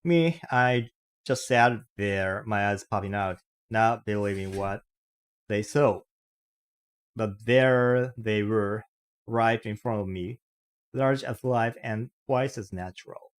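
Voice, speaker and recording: Slow low-voiced man reading aloud. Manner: slow, careful reading with small slips. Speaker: reader. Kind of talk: novel read aloud.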